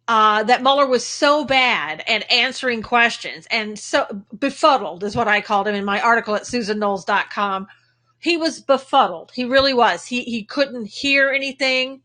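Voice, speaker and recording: Bright-voiced woman hosting a livestream. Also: fairly high pitch. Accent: Texan. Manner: chatty, greets viewers by name mid-sentence. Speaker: livestream host. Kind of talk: casual livestream chat greeting viewers. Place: home in Texas.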